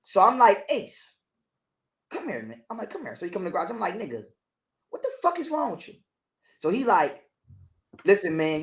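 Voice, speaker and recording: A man, an interview guest, telling a long story in a casual, profane way and acting out both sides of an argument. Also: high-pitched. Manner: animated, profane, acts out both sides of a quarrel.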